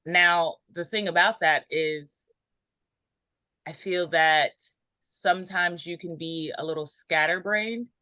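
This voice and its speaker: Woman, intuitive chart reader, bright crisp tone, dry close sound, rambling delivery. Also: fairly low pitch, takes it slowly, no room sound. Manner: meandering, intuitive, many ums. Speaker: numerology reader.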